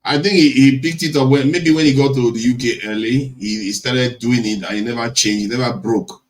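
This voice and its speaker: A man's voice: mid-range voice, fairly quick, rough recording. A man hosting a show, chatting casually and laughing as he reacts to video clips. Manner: laughing, relaxed commentary on clips. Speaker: host.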